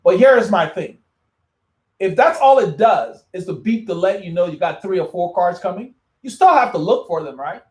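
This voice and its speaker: Male channel host, slightly high voice, rambling casual chat, roomy echo. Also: expressive, normal speed. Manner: rambling, repeats words and restarts often. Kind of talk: casual live chat answering viewer comments.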